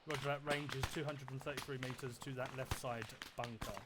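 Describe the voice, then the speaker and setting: Fast-talking squad leader. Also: male voice, medium pitch, steady tone, heavy background noise. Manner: clipped, directive, swears. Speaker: squad leader in a military simulation game. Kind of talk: tactical radio chatter over voice chat. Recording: loud gunfire over voice chat.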